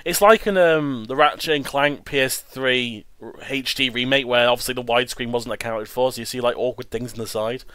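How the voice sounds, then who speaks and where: A man hosting a casual movie riff commentary, animated and laughing, often restarting his sentences. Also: mid-range voice, brisk, hardly any pauses, clean tone, dry recording. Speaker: host.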